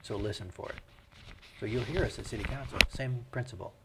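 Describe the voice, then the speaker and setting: A man's voice: on the low side, fairly quick, heavy background noise. A man with a Southern US accent, a mayor speaking as an interview guest in casual, rambling talk with many fillers. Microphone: studio microphone.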